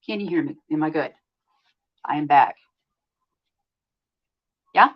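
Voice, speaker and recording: A woman chats her way through a livestream, teasing her viewers and keeping up talk while she sorts out her devices. Her pitch swings up and down with animated energy. The sound is dull and lo-fi, like stream audio. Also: takes it slowly. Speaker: livestream host. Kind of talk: casual livestream chat.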